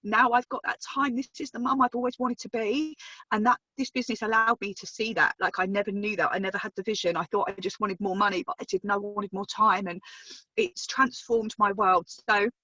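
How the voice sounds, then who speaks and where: Speaking on a group video call, this thirtysomething woman gives a motivational business testimonial, emphatic and chatty, with casual swearing as she recounts her experience. Her mid-range voice sounds steady, brisk and sharp. The recording is muffled but free of echo.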